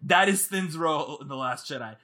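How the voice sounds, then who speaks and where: Casual co-host: man, high and bright voice, very animated delivery. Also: fairly quick. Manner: animated, laughing, mock-screaming. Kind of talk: casual movie chat.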